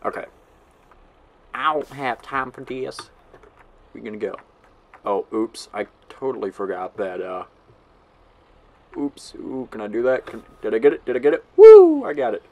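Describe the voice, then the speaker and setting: A man's voice: mid-range voice, normal speed, creaky, pauses often. A man giving casual gameplay commentary, rambling and giggling as he mocks himself. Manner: rambling, giggly, self-mocking.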